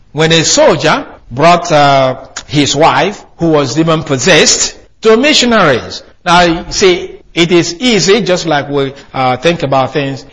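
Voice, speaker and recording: A man's voice: fairly high pitch, a bit bright, slightly rough. A man preaching a sermon, emphatic, with hesitations and restarts as he reads and comments on quotes. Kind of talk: sermon with read-aloud quotes.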